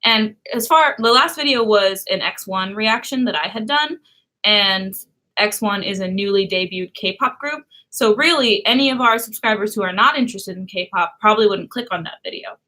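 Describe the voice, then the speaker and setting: A chatty woman from California co-hosting a casual online chat show. Her voice is bright and forward, and she runs on with fillers and quick laughs. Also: medium pitch. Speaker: YouTube co-host.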